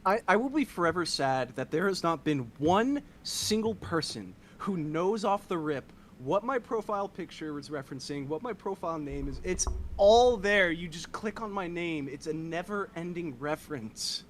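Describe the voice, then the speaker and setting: A man's voice: fairly high pitch, animated, normal speed, hardly any pauses. Wry man chatting, faint background hiss. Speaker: guest in a group chat. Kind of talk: casual group chat.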